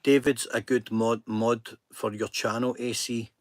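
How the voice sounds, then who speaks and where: A man's voice: medium pitch, level tone, unhurried. A Scottish man hosting a casual live stream, talking earnestly and poking fun at himself. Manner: earnest and self-deprecating, chatty. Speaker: livestream host.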